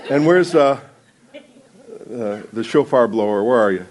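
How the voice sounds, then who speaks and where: Here a guest preacher starts his sermon with loose, self-mocking anecdotes, laughing often in front of the congregation. His mid-range voice is animated yet a little slow, with a slightly mellow quality, in a church sanctuary.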